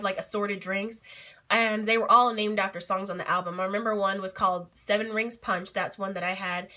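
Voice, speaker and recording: Bright, excitable young woman vlogging. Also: medium pitch. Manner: excitable and giggly, many fillers. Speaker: beauty vlogger. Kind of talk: casual vlog storytelling.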